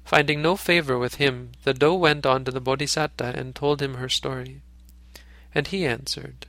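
A man reading an old fable aloud as narrator, measured, now and then correcting a slip. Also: medium pitch, steady tone, vocal fry, a bit bright, dry recording. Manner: measured, occasional self-corrections. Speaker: storyteller.

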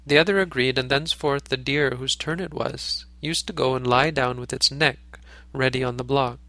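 A man reading an old fable aloud as narrator, measured, now and then correcting a slip. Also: medium pitch, steady tone, creaky, sharp tone, dry recording. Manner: measured, occasional self-corrections. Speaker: storyteller.

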